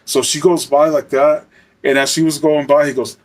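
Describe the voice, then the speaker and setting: A man's voice: on the high side, fairly even intonation, moderate pace. Man telling a rambling casual story. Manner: rambling, lots of filler words and profanity. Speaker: storyteller, former corrections officer.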